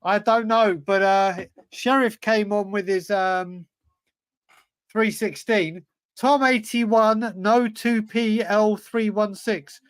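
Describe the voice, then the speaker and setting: A man's voice: high-pitched, steady tone, takes it slowly, smooth, no room sound. A man from England co-hosting a football podcast, blurting quiz answers, muttering to himself and swearing freely. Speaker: podcast co-host. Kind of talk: casual chat while playing a football quiz.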